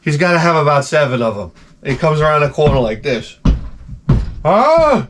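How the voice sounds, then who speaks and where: A man telling stories in a casual, profane monologue, animated and acting out the people he quotes. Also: on the high side, fast. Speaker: video creator.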